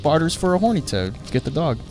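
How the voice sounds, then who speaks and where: A man's voice: on the high side, very animated, fast, a little mellow, soft background music. A man making dry quips while commenting on a film. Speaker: commentary co-host. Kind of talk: casual movie commentary.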